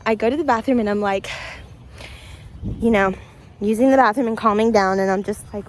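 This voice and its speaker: A woman's voice: medium pitch, fairly quick, pauses often, slight background noise. A woman vlogger telling a story to camera in a casual, chatty way, speaking straight to her viewers and laughing often. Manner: laughs often between lines.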